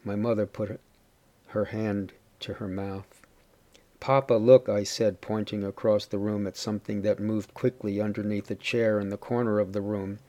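Man, story reader, steady measured narration, low-pitched, mellow tone. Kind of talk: first-person story reading.

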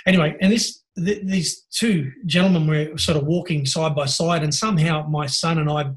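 An Australian man, a podcast guest, telling lively stories over a video call and laughing often. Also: on the high side, normal speed. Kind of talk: casual storytelling interview.

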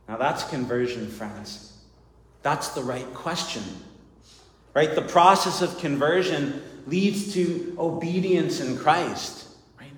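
A man's voice: medium pitch, lively intonation, slow. A man preaching a sermon in a church, earnest, often asking "right?" and calling his listeners friends. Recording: echoey hall with long reverb.

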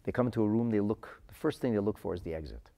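A man teaching a Chassidic class to viewers, animated, repeating words as he searches for the right phrasing, and dropping into his talk. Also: lowish voice, quick pace, vocal fry. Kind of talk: live-streamed Torah class answering viewer comments.

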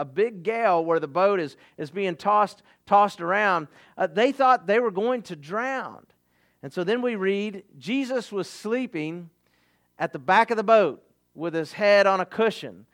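A man preaching a sermon, earnest and halting, with frequent restarts and fillers. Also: high voice, a bit bright. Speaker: pastor.

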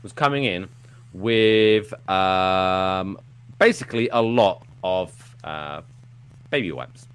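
Podcast host, male, low voice, very animated, rambling and playful storyteller. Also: slow, smooth. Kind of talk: casual storytelling, live podcast. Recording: live show with audience.

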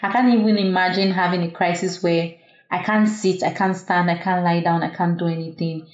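A young woman speaks in a lowish voice, earnest and reflective, with lots of fillers. She sounds like a guest telling her own story. The room is echoey and the sound is dull and lo-fi. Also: fairly even intonation, brisk. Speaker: doctor. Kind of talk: personal storytelling in conversation.

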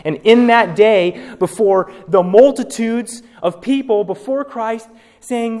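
A man delivering a sermon with a fairly high voice. He preaches dramatically, acting out quoted speech and dropping from near shouts to quiet, hushed words. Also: animated, unhurried, big-room sound. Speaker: pastor.

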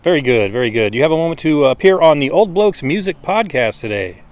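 A man's voice: fairly high pitch, sing-song, quick pace, dry recording. A man doing casual street interviews outdoors, chatty, swearing casually and laughing often.

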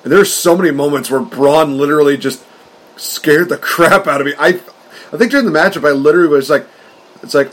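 A man co-hosting a podcast, chatting casually with excitable, fast-talking rants. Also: fairly high pitch. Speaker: wrestling podcast co-host.

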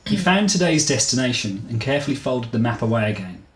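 A man reading his own story aloud to co-hosts, steady and measured, joking between passages. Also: mid-range voice, reverberant, poor audio.

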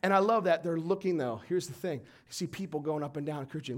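A man preaching a sermon, animated and storytelling, swinging from quiet reading to shouted emphasis. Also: fairly high pitch, fast talker.

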